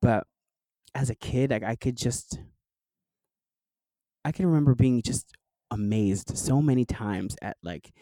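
Animated storytelling man from New Jersey. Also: mid-range voice, a little slow, pauses often, no room sound, rough recording. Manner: animated storyteller, laughs often, fillers like "like". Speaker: guest. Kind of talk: casual interview chat.

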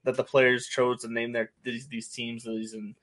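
A man's voice: mid-range voice, flat delivery, normal speed, fairly bright tone. A man, a guest on a sports podcast, talking at length in a rambling, restart-filled casual way.

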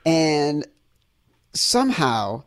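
Teasing upbeat man, slightly high voice. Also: sing-song, very slow, fairly bright tone. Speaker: podcast co-host. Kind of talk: casual sports chat.

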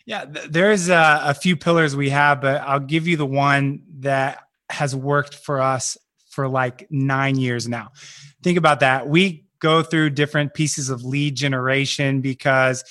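A man's voice: mid-range voice, steady tone, measured pace, fairly bright tone, dry recording, clean studio sound. A man, a real estate investor and guest on a podcast, explaining his business in confident, structured points. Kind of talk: podcast interview.

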